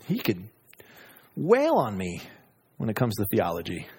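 A man preaching a sermon, moving between loud, high exclamations and low, hushed asides. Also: huge pitch swings, moderate pace, husky. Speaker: pastor.

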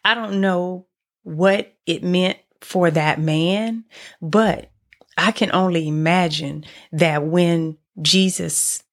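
Woman podcast host, lower pitch, earnest devotional storyteller. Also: takes it slowly. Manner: earnest, expressive storytelling with many restarts. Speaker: podcast host teaching on faith. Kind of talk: devotional teaching monologue.

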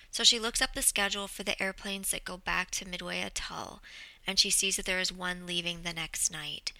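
A woman telling a story in a lively, dramatic way, summarizing a book and then reading from it. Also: medium pitch, vocal fry, dry recording, low-quality recording. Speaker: book presenter.

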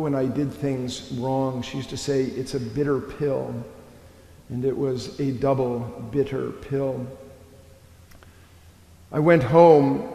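Slow, reflective man preaching in a church. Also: medium pitch, dark tone. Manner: slow, reflective storytelling with long pauses. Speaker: pastor. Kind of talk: sermon. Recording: echoey church hall.

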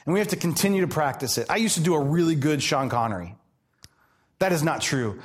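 A man in his thirties, a pastor, preaching a sermon in an animated, self-deprecating way, with humorous asides. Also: high voice.

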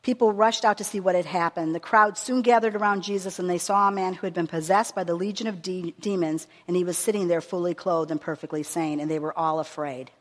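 A woman preacher giving a sermon with a long scripture reading, earnest and measured, stressing her words as she reads aloud. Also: on the low side, fairly even intonation. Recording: long reverb of a hall.

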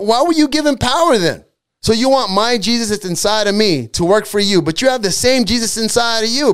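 A man's voice: high voice, creaky, no echo, studio quality. A man preaching a sermon, impassioned and street-casual, repeating lines for emphasis.

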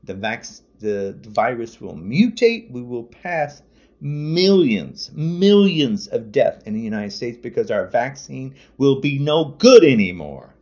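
A man's voice: medium pitch, sing-song, measured pace, mellow. A man podcasting an angry political rant, furious and repetitive, hurling insults. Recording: dull lo-fi audio.

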